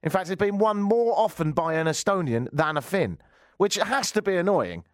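A man's voice: high voice, sing-song, moderate pace, no room sound, clean studio sound. A man hosting a radio show, giving casual commentary with wry, rambling jokes and asides. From England. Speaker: radio host.

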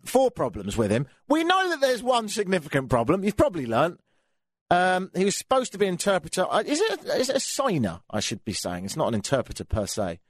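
A man's voice: on the high side, no room sound. An English man hosting a talk radio show, grumbling through a sardonic rant into a studio microphone. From England.

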